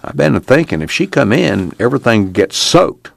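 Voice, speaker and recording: A man's voice: medium pitch, sing-song, normal speed, gravelly, no echo, pitched above the performer's own voice, heavily acted. A man voicing a blunt, practical young man in an audiobook reading. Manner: curt, matter-of-fact.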